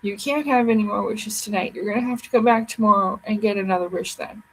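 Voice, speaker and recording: A woman's voice: medium pitch, fast, a little hiss or hum, low-quality recording. A tired woman chatting playfully and ramblingly with viewers on a casual livestream.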